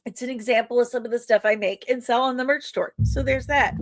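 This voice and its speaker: A woman's voice: a little high, fairly quick, few pauses, no room sound, studio quality. A woman hosting a podcast in casual chat, rambling and self-deprecating with many fillers. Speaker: podcast host and comic creator.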